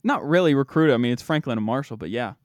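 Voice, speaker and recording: A young man with a slight Southern country accent hosting a casual podcast, ranting with animated disbelief. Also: mid-range voice, fast, no room sound, clean studio sound. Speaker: podcast host.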